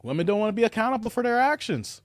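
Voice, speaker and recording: A man from Chicago hosts a reaction livestream and talks straight to his viewers. His voice sits high for a man and swings widely in pitch. He is mocking and animated, and the sound is close and dry. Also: rapid-fire, no room sound. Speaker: commentary show host.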